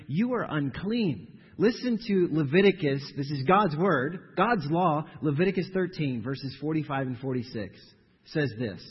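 A man preaching a sermon in an animated way, getting louder and softer and putting questions to the congregation. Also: on the high side, breathy edge. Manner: animated preaching, rising and falling in volume, asks the congregation questions. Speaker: pastor. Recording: dull sound, long reverb in a large hall.

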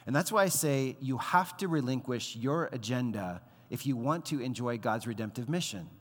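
A man in his thirties preaching a sermon as pastor, conversational and animated, acting out the voices he quotes. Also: medium pitch, normal speed. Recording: long hall reverb.

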